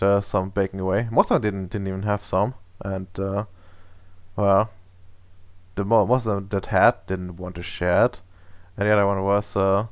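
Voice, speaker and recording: A man's voice: on the low side, dry recording, lightly acted. A man voicing an eager, stammering male crew member who is obsessed with bacon, in a tabletop game. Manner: excitable, stammering.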